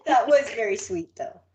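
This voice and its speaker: A woman's voice: fairly high pitch, a little mellow. A woman co-hosting a podcast in casual chat, easily flustered and giggly. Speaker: podcast co-host.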